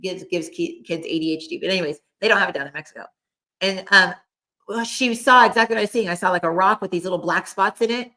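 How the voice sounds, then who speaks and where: A woman's voice: fairly low pitch, fast talker, sharp tone. A middle-aged woman co-hosting a casual chat, talking in a rambling way full of fillers while relaying what spirits tell her. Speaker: co-host, psychic medium. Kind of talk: casual chat, channeling messages.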